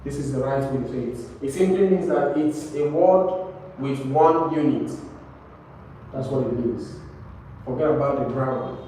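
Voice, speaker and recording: A man's voice: mid-range voice, moderate pace, mellow. A man teaching an English class, repeating words and often checking with "right?". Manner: repetitive, checks understanding with "right?". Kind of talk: classroom lesson. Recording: very echoey room, mic far off, faint noise.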